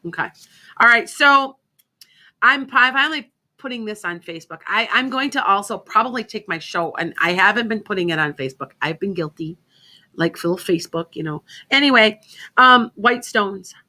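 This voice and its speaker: A woman's voice: mid-range voice, lively intonation, moderate pace, pushed and bright. A woman hosting a psychic radio show in casual, rambling chat, often restarting her sentences. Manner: chatty, rambling, self-interrupting.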